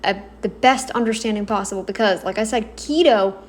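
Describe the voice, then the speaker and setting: A woman giving casual reaction commentary, halting and self-correcting, blunt and exasperated in her opinions. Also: mid-range voice. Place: home, kneeling then seated.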